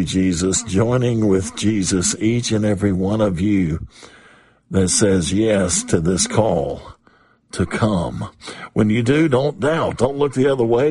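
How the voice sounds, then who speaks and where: A man preaching a sermon on the radio, slow and emphatic, repeating phrases for weight. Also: mid-range voice, darkish tone, breathy edge, no room sound.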